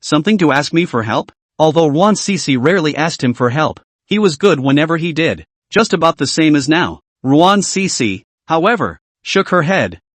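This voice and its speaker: A man narrating a comic recap as a voice-over, in a flat, machine-like reading. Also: a little high, moderate pace, hardly any pauses, no echo.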